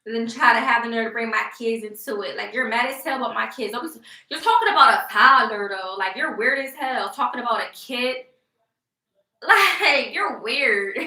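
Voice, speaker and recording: A young female vlogger rants on a casual livestream, expressive, sassy, and mocking, laughing often. Her high voice sounds bright and sharp at a moderate pace, in an echoey room.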